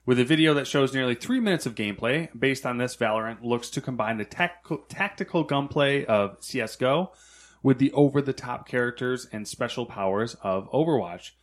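A man's voice: medium pitch, fairly quick. A man co-hosting a casual gaming podcast, reading news items aloud and now and then stumbling over words.

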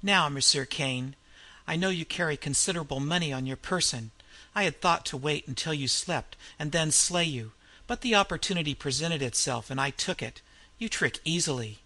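A man voicing a calm, threatening French bandit holding a man at gunpoint. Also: a little high, normal speed. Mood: menacing.

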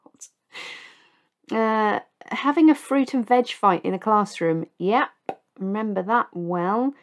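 A middle-aged woman hosts a podcast, casually confessing her old misadventures with self-mockery and laughing at her own stories. She speaks slowly at a medium pitch.

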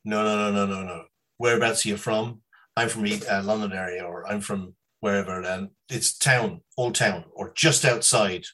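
A man's voice: on the low side, steady tone, normal speed, bright, forceful tone, low-quality recording. A man from Ireland, chatting casually on a podcast, rambling, swearing and laughing often. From Northern Ireland. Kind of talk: casual chat.

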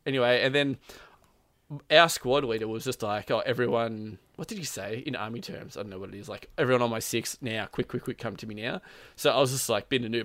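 A man's voice: medium pitch, fast, fairly bright tone, no echo, clean studio sound. A man casually telling a long story about a game, rambling with plenty of fillers and quoted lines. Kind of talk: casual chat.

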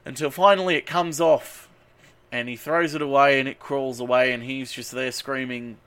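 A man on a podcast recapping a movie in casual chat, animated and swearing freely with rambling asides. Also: medium pitch, moderate pace, clean tone. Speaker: podcast co-host recapping a film.

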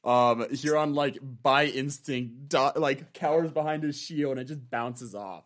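A man's voice: medium pitch, a little slow. A man playing a paladin in a tabletop game, describing his character's actions with hesitant fillers. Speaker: player. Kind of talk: casual tabletop game chat.

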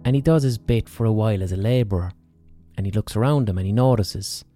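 A man's voice: fairly low pitch, quick pace, mellow, soft background music. A man hosting a podcast, telling a history story in a casual, profane, jokey way and acting out the people he quotes. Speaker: podcast host.

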